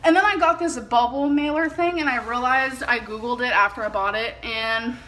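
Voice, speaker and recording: Bright, high-voiced giggly young woman. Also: moderate pace, slight background noise. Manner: rambling and giggly, with lots of "like". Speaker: vlogger. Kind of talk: casual confessional vlog talk.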